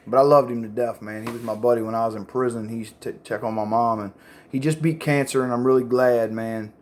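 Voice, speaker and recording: A man, rambling and swearing as he casually tells old stories into his phone camera, getting loud and excited at the punchlines. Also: mid-range voice, quick pace, slight background noise. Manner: profane, rambling, gets loud and excited telling jokes. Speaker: storyteller.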